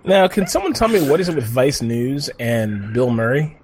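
A man's voice: mid-range voice, very animated, moderate pace, slight background noise. A man co-hosting a podcast, chatting casually in a rambling, profane way with lots of fillers. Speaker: podcast co-host. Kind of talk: casual chat.

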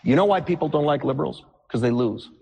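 A fed-up news anchor; cutting sarcastic rant, slightly husky tone. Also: male voice, medium pitch, fast, a little mellow. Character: blunt, exasperated middle-aged male news anchor.

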